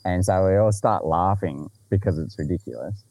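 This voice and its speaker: A man's voice: deep voice, normal speed, darkish tone. A man with an Australian accent telling a story in casual podcast chat, laid-back, swearing freely and laughing along.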